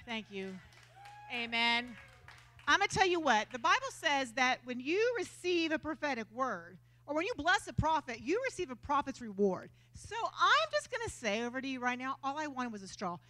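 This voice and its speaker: Animated high-voiced woman preacher. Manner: animated storytelling, self-mocking humor. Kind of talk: lively sermon. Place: church service.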